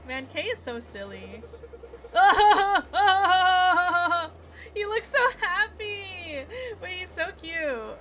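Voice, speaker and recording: A woman's voice: extremely high pitch, very animated, measured pace. A woman streamer giving casual, gushing, giggly gameplay commentary and chatting with her viewers.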